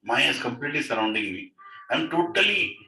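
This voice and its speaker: A man voicing a pleading, anxious king in a devotional story, begging urgently and raising his voice high above his own. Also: animated, racing, bright, forceful tone. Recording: roomy home room, mic far off.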